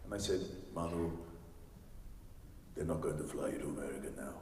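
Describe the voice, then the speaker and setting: A low-pitched man in his forties tells rambling, chatty stories to a live crowd and acts out what other people said. His voice carries a long hall reverb. It sounds like it was recorded from far back with some faint noise underneath. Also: fairly quick, darkish tone. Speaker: celebrity panel guest. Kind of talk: anecdotal storytelling to a live audience. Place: large convention hall.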